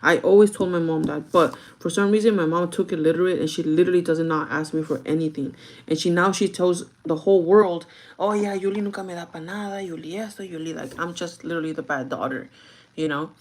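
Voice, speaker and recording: A young woman telling a story to her viewers in an animated, chatty way while getting ready. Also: deep voice, a little fast. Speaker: vlogger. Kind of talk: get-ready-with-me storytime chat.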